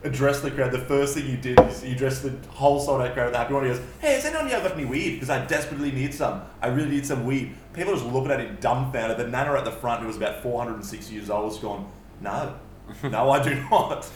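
A man's voice: mid-range voice, fairly even intonation, fast, few pauses, reverberant, a little hiss or hum. An Australian man hosting a comedy podcast, loose and profane, laughing often. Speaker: podcast host. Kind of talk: casual podcast banter.

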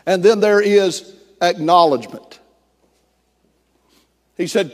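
Animated male preacher in a reverberant hall. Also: a little high, normal speed. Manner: animated, acts out quoted voices. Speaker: pastor. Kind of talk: sermon storytelling.

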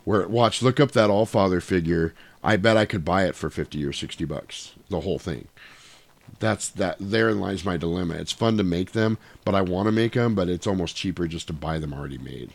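Swearing freely and performing other people's lines, a male podcast co-host tells animated stories in a casual chat. His low, creaky voice runs a little fast.

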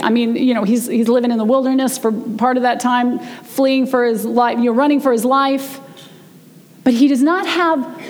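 A woman preaching a sermon, retelling a story in a chatty way and slowing down to stress key words. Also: a little high, darkish tone, long reverb tail. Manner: conversational storytelling, slows down for emphasis. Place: church sanctuary.

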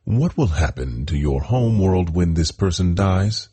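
A blunt alien farmer answers every question with dry, flat calm. His voice is very deep and gravelly, slow and unhurried, as a man reads him aloud. The tone is dark and husky, with audiobook narration around it. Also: full character voice. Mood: deadpan.

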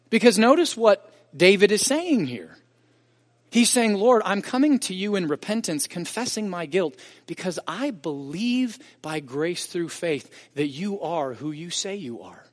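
Earnest man preaching in a reverberant church. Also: fairly high pitch. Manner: earnest, emphatic preaching with rising intensity. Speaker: pastor. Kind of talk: sermon. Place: church sanctuary.

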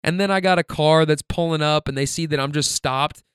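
This podcast host's voice sits a little high, clear and resonant, and he moves briskly through a casual storytelling monologue. He's relaxed and profane, rambling with heavy filler, captured in a dry, studio-quality recording.

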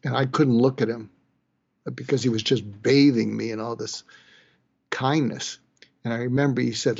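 An older man, a psychiatrist from the East Coast, tells a moving personal story in a halting way, with sighs, restarts and quiet moments. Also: mid-range voice, fairly even intonation, vocal fry, breathy edge, lo-fi sound. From Boston, East Coast US. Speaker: psychiatrist telling his story. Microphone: webcam or video call.

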